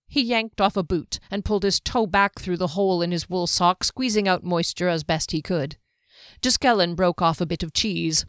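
A woman narrating an audiobook with a steady, even storytelling manner. Her voice sits low. The recording is close and dry. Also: moderate pace, no room sound.

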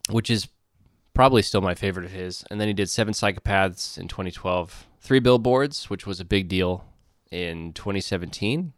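A man's voice: low-pitched, normal speed, dry recording, studio quality. A man co-hosting a film podcast, chatting casually and joking with frequent laughs. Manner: joking, laughs often, animated. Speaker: podcast co-host. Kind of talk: casual film review chat.

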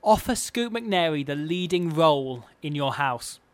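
A man co-hosting a comedy podcast with a deadpan, mock-serious delivery. His voice sits a little high, recorded close and dry with no room sound. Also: a little slow, dry recording. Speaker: podcast co-host. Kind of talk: absurd comedy banter.

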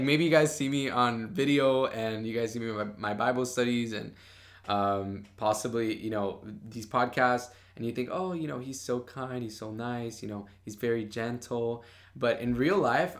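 A man's voice: mid-range voice, a bit bright. A young man, a Bible study podcaster, talking about faith in a casual, passionate and bold way, full of "like" fillers. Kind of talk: casual devotional podcast talk.

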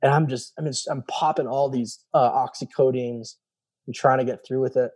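A man's voice: medium pitch, steady tone, moderate pace, a little mellow, breathy edge. A man, a former special operations soldier, telling his personal story candidly in an interview, acting out the voices of people he quotes and swearing casually.

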